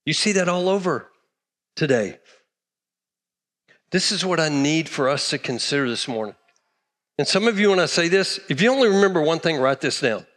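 A man's voice: fairly high pitch, expressive, moderate pace, pauses often, fairly bright tone. A middle-aged man from Texas, preaching a sermon emphatically and repeating key phrases. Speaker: pastor.

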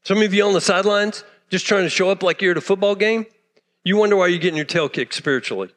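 Male pastor, sermon, fired up, drops to hushed asides; high-pitched, reverberant church hall. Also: quick pace. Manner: impassioned, swings from loud to hushed. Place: church sanctuary.

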